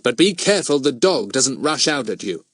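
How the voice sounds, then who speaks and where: A man's voice: medium pitch, sing-song, moderate pace, a bit bright, no room sound, clean studio sound, voice pushed up. A man reading an audiobook voices a cheeky, clever schoolboy detective with a mock-innocent manner. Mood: teasing.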